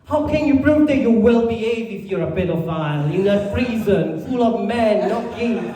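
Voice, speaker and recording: A man's voice: high-pitched, a crowd in the background. Italian man doing echoey stand-up. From Italy. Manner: deadpan, halting delivery with many fillers. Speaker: stand-up comedian. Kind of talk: stand-up comedy set. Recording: far from the mic in a very echoey room.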